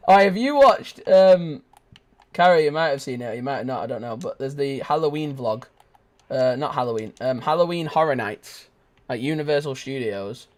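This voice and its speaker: Excitable young gaming host. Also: male voice, medium pitch, normal speed. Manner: excitable, shouts sudden exclamations. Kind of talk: live gameplay commentary.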